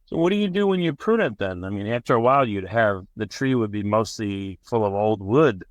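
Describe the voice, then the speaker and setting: A man's voice: on the low side, animated, brisk, dry recording. A man hosting an interview, asking long curious questions that ramble and restart. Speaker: podcast host.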